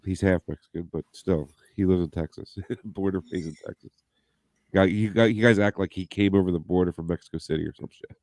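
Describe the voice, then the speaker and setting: Deep-voiced man on a podcast, swearing. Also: steady tone, fairly quick, a little mellow, no room sound. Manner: profane, joking, reads quotes aloud. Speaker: podcast co-host. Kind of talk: casual podcast chat reading news.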